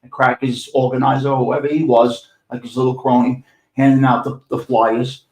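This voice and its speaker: A man's voice: mid-range voice, little pitch movement, normal speed, a little mellow. An older man with a New York accent, telling street stories on his podcast in a blunt, profane, sarcastic way. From New York City. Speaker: podcast host. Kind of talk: profane storytelling monologue. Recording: echoey room.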